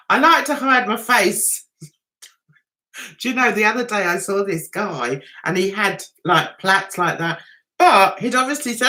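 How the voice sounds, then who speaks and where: A woman's voice: medium pitch, big pitch swings, moderate pace, sharp tone. A middle-aged woman hosting a casual livestream, chatty and self-mocking, laughing often as she greets viewers. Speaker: livestream host reading viewer chat.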